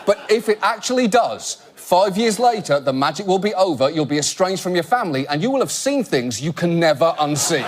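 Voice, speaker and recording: Sarcastic high-voiced male comedy host. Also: big pitch swings, normal speed, crowd noise, noisy background. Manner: sarcastic, mock-outraged. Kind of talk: satirical monologue before a live audience. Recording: loud studio audience laughter. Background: studio audience laughing.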